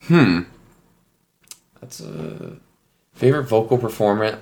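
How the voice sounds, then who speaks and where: A man's voice: fairly low pitch, lively intonation, darkish tone. A man playing along as a contestant in a casual quiz chat, hesitant and full of fillers. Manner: hesitant, slow, lots of fillers. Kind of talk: casual podcast game chat.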